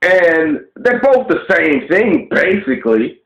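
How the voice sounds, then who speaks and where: Man venting on a home video, mid pitch, profane and blunt, roomy dull lo-fi sound. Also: sing-song, takes it slowly, fairly bright tone. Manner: blunt, profane, ranting with rhetorical questions. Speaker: vlogger. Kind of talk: casual rant to camera. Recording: roomy, dull lo-fi webcam audio.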